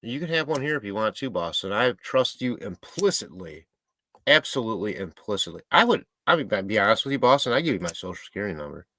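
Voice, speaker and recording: A man's voice: lowish voice, sing-song, fast talker, pushed and bright, no room sound. A man from Michigan hosting a casual live stream, joking and rambling as he reads viewer comments aloud. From Michigan, USA. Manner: rambling, joking, talks to his pet.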